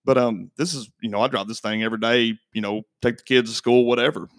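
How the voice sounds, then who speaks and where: A man in his thirties tells a story on a podcast, casual and animated, his pitch leaping when he acts out what others said. His voice sits mid-range and is recorded close and dry, with no room sound. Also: quick pace, no echo. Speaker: podcast guest.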